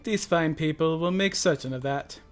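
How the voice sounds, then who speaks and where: A man's voice: a little high, moderate pace, soft background music. A man reading video game dialogue aloud as a streamer, earnest and stumbling over names.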